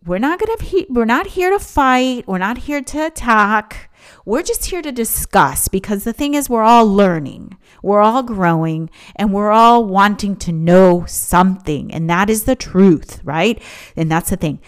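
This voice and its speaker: Female podcast host, solo and casual, emphatic, swings her pitch widely. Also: a little slow, clean tone. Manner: emphatic, animated, acts out quoted voices.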